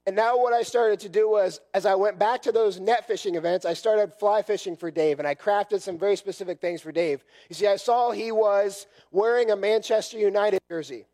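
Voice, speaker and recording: A man with a fairly high voice, hoarse from a cough, leads a group teaching session. He talks conversationally and circles back on his points, checking in with listeners again and again. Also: moderate pace, hardly any pauses, mellow. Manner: repetitive, conversational, constantly checks in with "right?". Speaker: session leader at church workshop.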